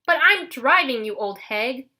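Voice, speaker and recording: A woman's voice: high voice, lively intonation, unhurried, voice pushed up, exaggerated voice. A woman doing a wailing old hag driver. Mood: yelling. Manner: wailing, yelling.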